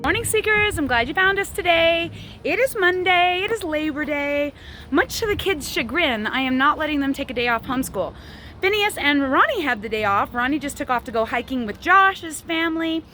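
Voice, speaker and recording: A woman's voice: high voice, expressive, normal speed, pushed and bright, a little hiss or hum. A woman in her thirties hosting a casual outdoor vlog from a backyard chicken coop, chatting to the camera and cooing at her hens. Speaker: vlog host.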